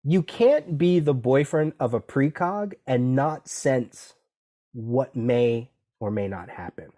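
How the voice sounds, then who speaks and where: A man's voice: medium pitch, slow pace. A man co-hosting a comics podcast, talking casually and acting out lines of dialogue as he recaps issues. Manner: animated, quotes dialogue in character, many restarts. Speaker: podcast co-host.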